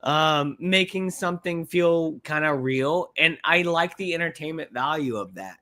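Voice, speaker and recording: Man, podcast co-host, casual chat, animated, fairly high voice, bright tone. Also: measured pace. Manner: animated, swears, reads with asides. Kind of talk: casual chat, reading a letter aloud.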